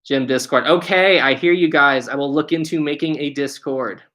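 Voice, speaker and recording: A young man with a West Virginian accent chats easily on a live stream, reading questions from his viewers aloud. His voice is bright and open, and he keeps saying things are "really, really" cool. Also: on the high side, normal speed. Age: 20s. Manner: friendly, repeats "really, really". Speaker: channel host.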